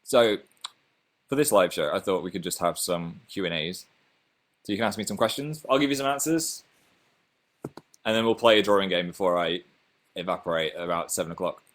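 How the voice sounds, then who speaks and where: A man's voice: deep voice, lively intonation, a little fast, long pauses, fairly bright tone. A young man with a Northern English accent, casually chatting on his own livestream and reading out viewer comments in a chatty, self-mocking way. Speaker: livestream host.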